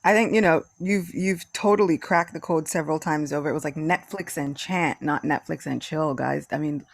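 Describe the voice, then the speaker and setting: A woman co-hosting a casual spiritual podcast, telling stories in a chatty, animated way with many restarts. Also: deep voice, normal speed, vocal fry, no room sound. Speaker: podcast co-host.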